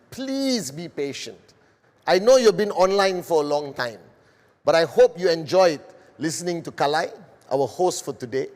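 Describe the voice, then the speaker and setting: A middle-aged man from Malaysia delivers a sales presentation for a global broadcast. He speaks slowly and deliberately, in a fairly high voice. A long reverb trails after his words, as if in a large hall. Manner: slow, deliberate, addressing a global audience. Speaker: business presenter.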